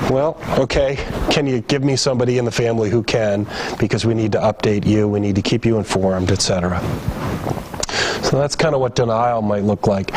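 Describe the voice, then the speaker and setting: A man with a mid-range voice and moderate pace teaches emergency workers about grief in a training room, slipping into a raised voice whenever he plays the part of family members. His delivery is conversational, with slight background noise.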